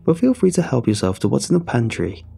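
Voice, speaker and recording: A man's voice: sing-song, quick pace, creaky, warm tone, slightly rough, heavily acted. A man voicing a shrewd elderly woman who squawks and rambles, turning snappish. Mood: shrill, rambling. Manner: shrill, snappish.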